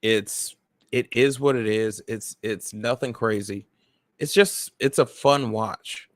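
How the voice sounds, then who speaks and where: A man's voice: lowish voice, slow pace, no echo. A man co-hosting a podcast, laid-back and swearing freely in casual chat. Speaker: podcast co-host.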